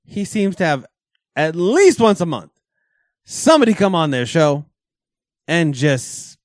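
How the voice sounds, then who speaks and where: A man co-hosting a sports podcast in casual chat, animated and profane, slipping into joking impressions. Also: fairly high pitch, unhurried, no room sound, studio quality. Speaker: podcast co-host.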